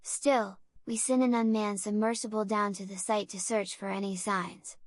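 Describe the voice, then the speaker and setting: A woman's voice: medium pitch, little pitch movement, moderate pace, no echo, natural voice. A woman voicing Jack, a grave middle-aged former navy man who explains in a solemn, weary way in a horror story.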